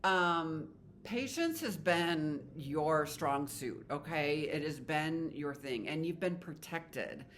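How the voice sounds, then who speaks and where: A woman's voice: low voice, animated, slow pace, a bit bright, a little hiss or hum. A woman giving a casual tarot reading to her viewers, chatty and rambling, with an emotional, spiritual manner. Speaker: tarot reader.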